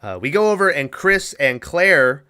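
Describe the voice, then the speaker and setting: Man, podcast host, casual rambling movie recap, bright tone, smooth clear voice. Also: fairly high pitch, lively intonation, unhurried. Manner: rambling, recaps with acted quotes and laughs.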